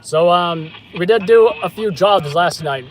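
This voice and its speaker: A man's voice: sits high, measured pace. A man hosting a live news stream, chatting casually in a rambling, hesitant way with lots of fillers.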